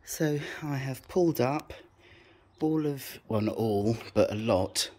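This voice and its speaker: A man's voice: mid-range voice, slow pace, a little mellow. A man vlogging on a handheld phone around his house and garden, chatty and giggly, out of breath and tired. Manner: chatty, giggly, self-mocking about being shattered. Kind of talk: casual home vlog.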